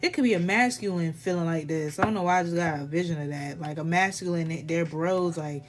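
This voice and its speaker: A woman's voice: lowish voice, quick pace, hardly any pauses, very noisy. Blunt, profane woman reading tarot. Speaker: tarot reader. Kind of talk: casual live tarot reading.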